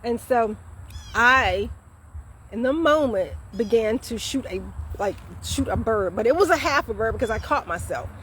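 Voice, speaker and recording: A woman in her fifties, a vlog host, casually retelling a story in a chatty, animated way with fillers. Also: fairly high pitch, normal speed, a little hiss or hum. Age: 50s.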